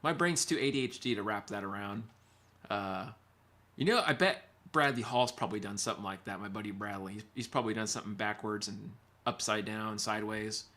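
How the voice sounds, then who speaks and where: A man's voice: fairly low pitch, brisk, pushed and bright. A man, a guitar teacher, chatting casually on a livestream and reading viewer comments, rambling and laughing easily.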